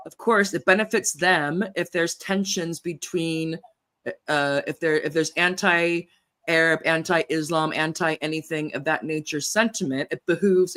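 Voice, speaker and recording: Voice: mid-range voice, sharp tone. A host running a political interview over a video call, rambling with many fillers and frequent laughs.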